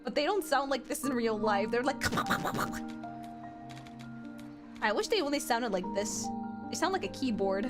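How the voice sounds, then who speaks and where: A woman's voice: a little high, animated, brisk. Giggly young woman streamer, music behind. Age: young adult. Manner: rambling, giggly, lots of fillers. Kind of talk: casual chat with stream chat.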